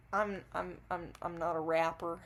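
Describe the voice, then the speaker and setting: A woman's voice: lowish voice, fairly bright tone. Rambling, giggly woman vlogging while intoxicated. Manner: rambling, giggly, swears freely. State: under the influence. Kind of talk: casual rambling monologue to camera.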